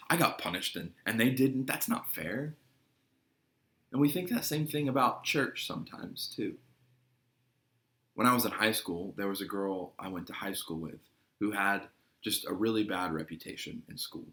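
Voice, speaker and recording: A man's voice: lowish voice, fairly bright tone. A man giving a conversational sermon to young people, earnest and asking his listeners questions. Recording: roomy echoing room.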